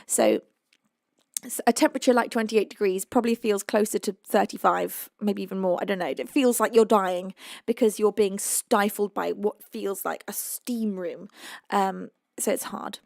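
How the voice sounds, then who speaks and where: A young English woman hosting a music livestream, chatting warmly with viewers, reading out their messages and often laughing. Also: mid-range voice, normal speed, gravelly, no room sound, clean studio sound. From United Kingdom. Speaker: livestream singer and host. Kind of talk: casual chat with live viewers. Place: home, indoors.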